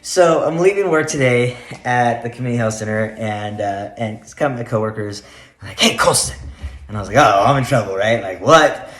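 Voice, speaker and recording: A man's voice: medium pitch, lively intonation, fairly quick, a bit bright. A man telling a story to the camera in a casual vlog, chatty and laughing often as he rambles. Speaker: vlogger. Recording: roomy echo, faint music.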